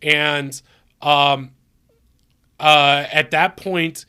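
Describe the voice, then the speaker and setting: Co-host, male, bright and a touch high, rambling comic recap. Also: fairly even intonation, smooth. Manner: rambling retelling, acts out lines in quick voices. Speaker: podcast co-host. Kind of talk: casual comedic chat.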